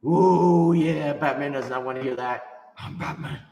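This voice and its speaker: A playful, rambling man giving casual gaming commentary, quick to laugh, recorded in an echoey room with faint background noise. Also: a little high, gravelly, dark tone, muffled recording. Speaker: gameplay commentator.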